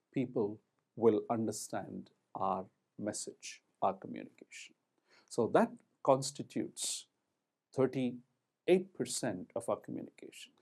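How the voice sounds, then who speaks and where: A man giving a recorded lecture on communication skills, talking in a deliberate, emphatic way and stressing words for effect. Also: mid-range voice, a little mellow.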